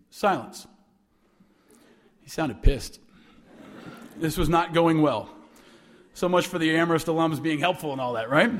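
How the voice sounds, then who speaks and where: A man with a high voice gives a speech to students. He tells stories with playful humor and acts out both sides of a phone call. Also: measured pace, long pauses. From New York. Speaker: alumnus speaker.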